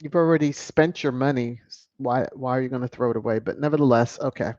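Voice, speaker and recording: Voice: mid-range voice, fairly even intonation, fast, a little mellow, dry recording. A commentator on a video channel, sassy and mocking, chuckling often while reading headlines and viewer comments aloud. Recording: dull lo-fi, dry close mic.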